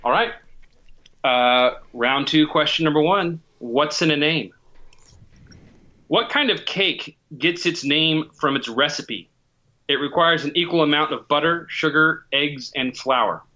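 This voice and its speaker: A man in his forties, reading trivia clues in an even, measured way. His voice is bright and a little tense. The audio is slightly muffled and dull. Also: fairly high pitch. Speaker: quizmaster reading trivia questions. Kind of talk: casual podcast trivia game.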